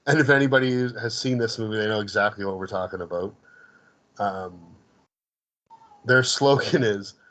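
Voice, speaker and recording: Pitched on the low side with a fairly bright tone, a man speaks at a moderate pace and pauses often. As a podcast co-host casually discussing a comedy film, he rambles, keeps restarting, and laughs while retelling moments.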